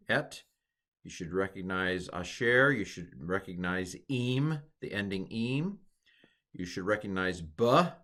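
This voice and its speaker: A man teaching a recorded language lesson, patiently quizzing the learner and pausing for answers. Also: on the low side, fairly bright tone.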